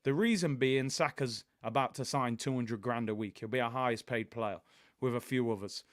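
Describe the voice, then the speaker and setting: A man with a London accent hosting a casual live watch-along, chatting in an animated way and reading out viewer comments. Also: medium pitch, normal speed, no room sound, clean studio sound. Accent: London English. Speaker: host.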